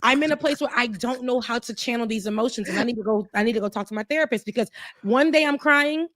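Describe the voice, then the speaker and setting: A woman's voice: fairly high pitch, quick pace, fairly bright tone, no echo, clean studio sound. A woman talking politics in a casual chat, exasperated and emphatic, acting out what others say. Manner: exasperated, emphatic, acts out quotes. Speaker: guest commentator.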